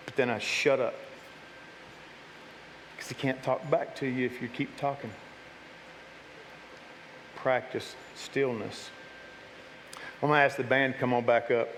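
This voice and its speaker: This is a man's medium-pitched voice as a pastor preaching a relaxed, conversational sermon in his church sanctuary, often repeating and restarting what he says. Long hall reverb fills the recording, with slight background noise.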